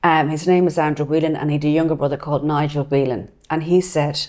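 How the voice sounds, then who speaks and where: Woman, 50s, low-pitched, animated storyteller, casual podcast chat. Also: fast talker. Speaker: podcast co-host.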